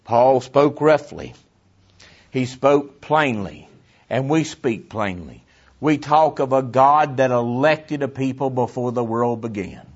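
A man preaching a sermon to a congregation, swinging between forceful emphasis and hushed near-whispers, repeating his phrases. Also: medium pitch, animated, slow, highs cut off. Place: church before a congregation.

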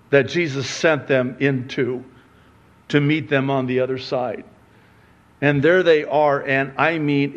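A male pastor preaching a sermon, telling stories with rhetorical questions and swinging from hushed low asides to loud, high exclamations. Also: highs cut off. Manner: animated storytelling with rhetorical questions.

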